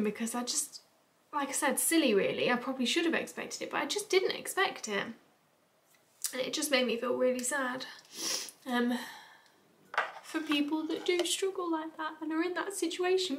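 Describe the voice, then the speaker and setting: A woman's voice: sits high, fairly bright tone. A young British woman vlogging in a rambling, casual, confessional way, tearful and emotional. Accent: British English. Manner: chatty, rambling with fillers and asides.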